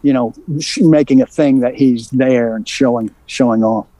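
A man telling a story on a sports talk show, animated and worked up, with quick restarts. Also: mid-range voice, dry recording. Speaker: sports reporter and show regular. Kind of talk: casual sports radio talk.

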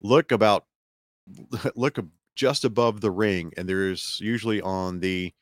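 A man's voice: fairly low pitch, measured pace, no room sound, clean studio sound. A man with a Southern American accent, hosting a casual podcast chat and telling a rambling story full of fillers. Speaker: podcast host.

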